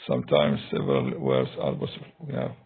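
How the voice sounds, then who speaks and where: A man teaching English grammar in a recorded lesson, talking slowly and hesitantly with many fillers, with a deep gravelly husky voice. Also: sing-song. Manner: slow, hesitant, many "uh" and "I mean". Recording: tinny phone-like recording.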